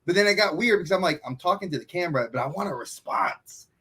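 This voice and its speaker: A man from New York with a New York accent, hosting a casual podcast chat as a gregarious, animated storyteller. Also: sits high, quick pace, breathy edge. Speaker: podcast host.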